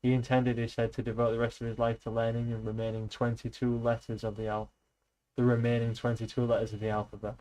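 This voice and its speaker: A man's voice: mid-range voice, completely flat delivery, fast talker, a little mellow, poor audio. A man reading a novel aloud in a loose, casual way, with slips and restarts. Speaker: reader, streamer.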